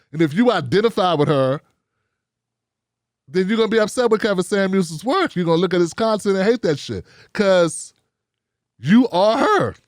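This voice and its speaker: Blunt opinionated man, higher voice. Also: no echo, clean studio sound. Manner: blunt, animated, rhetorical questions. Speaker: commentary show host. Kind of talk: opinion commentary monologue.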